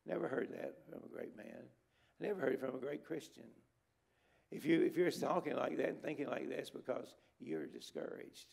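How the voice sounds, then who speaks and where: A man's voice: mid-range voice, sing-song, brisk, gravelly, a little mellow, husky. A middle-aged man preaching an emphatic revival sermon in a church. He exhorts the congregation and drives his points home by repeating words. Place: church sanctuary at a conference.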